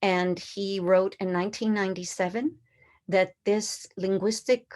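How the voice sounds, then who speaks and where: A woman's voice: mid-range voice, a little mellow. A woman in her sixties, whose first language was not English, giving an earnest conference presentation to educators and posing rhetorical questions. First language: a language other than English.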